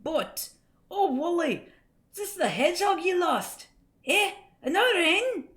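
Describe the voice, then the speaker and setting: A woman's voice: very high-pitched, big pitch swings, measured pace, fairly bright tone, pitched above the performer's own voice, exaggerated voice. A woman voicing chirpy Scottish comic-strip characters in a put-on Scottish accent, with a bouncy, exaggerated read-aloud manner. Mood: hammy cheerful.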